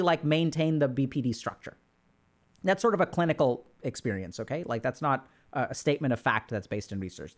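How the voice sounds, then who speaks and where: A man hosting a mental health livestream, explaining in an educational way and checking in with rhetorical questions. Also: on the high side.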